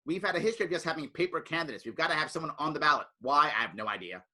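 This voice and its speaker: A man from the United States talks casually to a student group, his voice bright and forward and his pitch swinging widely. He is animated, jumping into other people's voices when he tells a story, with a slightly higher pitch than most men. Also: racing. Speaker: political speaker.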